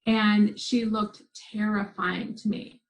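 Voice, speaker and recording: A woman of middle pitch recounts a story in an earnest, vivid way, often stopping to restart her sentences. She speaks as an interview guest. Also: little pitch movement, slow, rough recording. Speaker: guest, spiritual teacher.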